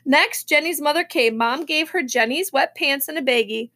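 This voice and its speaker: A woman reading a children's novel aloud in a lively storybook manner. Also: high voice, moderate pace. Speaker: reader.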